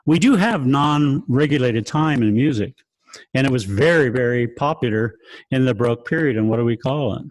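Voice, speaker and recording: A man's voice: mid-range voice, lively intonation, normal speed, no echo. A man, a choir director, lecturing in an online rehearsal, asking rhetorical questions and chuckling as he explains. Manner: asks rhetorical questions, sings examples, chuckles often. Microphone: video call.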